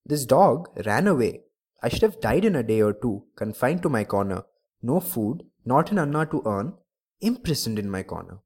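A man's voice: mid-range voice, sing-song, moderate pace, a little mellow, husky. A man voicing a harsh, greedy old blind beggar who snaps and cries out. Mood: complaining. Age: older. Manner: snapping, complaining, cries out.

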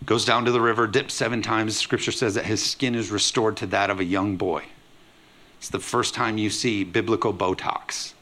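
Animated pastor preaching. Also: male voice, lowish voice, moderate pace. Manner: animated, acts out quoted voices with humor. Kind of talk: sermon.

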